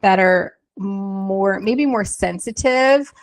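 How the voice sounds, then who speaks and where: A woman hosting a podcast conversation, speaking in a gentle, reflective and supportive way. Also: mid-range voice, slow, dry recording. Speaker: podcast host. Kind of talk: casual conversation.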